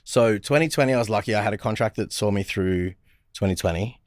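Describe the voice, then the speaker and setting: A man's voice: fairly low pitch, fast, dry recording, clean studio sound. A man, a hospitality strategist, telling stories as a podcast guest, often restarting and repeating words. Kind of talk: casual interview chat.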